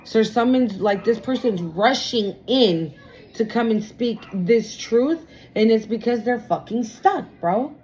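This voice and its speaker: A woman's voice: a little high, lively intonation, unhurried, darkish tone, slight background noise, poor audio. Profane, emphatic woman tarot reader. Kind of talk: casual tarot reading.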